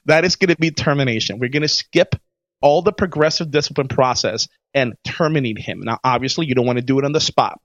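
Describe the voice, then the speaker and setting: Bright, animated man explaining HR. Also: mid-range voice, fairly quick, no room sound, highs cut off. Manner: animated storyteller, laughs often, does voices in anecdotes. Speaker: HR consultant and teacher. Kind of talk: casual podcast chat.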